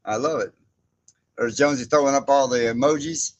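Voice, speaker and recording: A man's voice: medium pitch, a little fast, dry recording, dull audio. A man hosting a casual livestream from his barn, rambling, chuckling often and greeting people from the chat by name. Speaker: livestream host. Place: indoor barn workspace.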